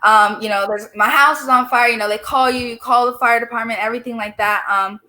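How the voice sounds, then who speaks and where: A woman's voice: fairly high pitch, brisk, rough recording. A teenage girl in her late teens on a video call, answering interview questions in an earnest, chatty way. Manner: earnest, lively storyteller who laughs easily. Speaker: student host answering an officer's questions.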